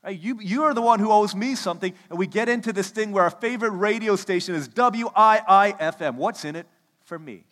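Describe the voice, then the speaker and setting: A fairly high-voiced man in his thirties delivers a sermon with animated storytelling, slipping into little voices for the people he quotes. The sound carries a long hall reverb, as in a church sanctuary. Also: brisk. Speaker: pastor.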